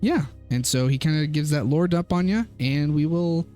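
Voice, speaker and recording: A man narrating as game master of a tabletop game, giving an easygoing, unhurried lore recap. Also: a little high, mellow, soft background music.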